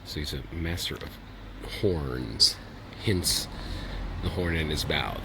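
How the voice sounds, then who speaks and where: A man with an extremely low, slow voice narrates a casual travel vlog as he walks up a steep outdoor road. He's chatty, thinking aloud and out of breath on the climb. Outdoor ambience and background noise fill the recording.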